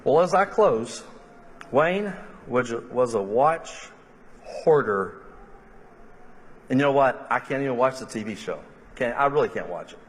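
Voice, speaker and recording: A middle-aged man, a minister giving a funeral eulogy and telling humorous stories, slipping into lively quoted voices. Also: medium pitch, measured pace, pauses often. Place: church sanctuary. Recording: long reverb of a large church hall.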